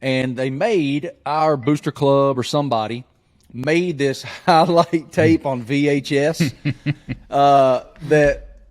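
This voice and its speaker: A man in his forties hosts a casual podcast chat, spinning a hometown story with a jokey, animated delivery. His voice sits at a middle pitch for a man. He grew up in southwest Virginia. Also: takes it slowly. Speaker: podcast host.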